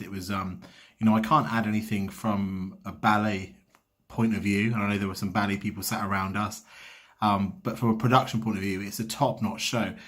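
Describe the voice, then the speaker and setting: A man giving a casual vlog review of a theatre show, talking in a rambling, chatty way with frequent restarts. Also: on the low side. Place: outdoors walking uphill, then in a car.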